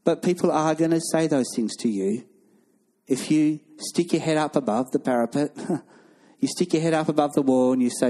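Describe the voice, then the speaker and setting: A male pastor preaching a sermon, animated and acting out the voices of people in his stories. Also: a little high, moderate pace.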